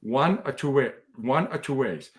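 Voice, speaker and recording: A man's voice: mid-range voice, animated, moderate pace. Rambling man, casual chat. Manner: rambling, restarts often, bursts into laughter. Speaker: podcast guest.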